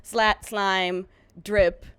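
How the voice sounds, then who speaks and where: A woman interviewing a guest in a casual chat, teasing and expressive. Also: mid-range voice, drawn-out words, clean tone. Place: interview room in Berlin.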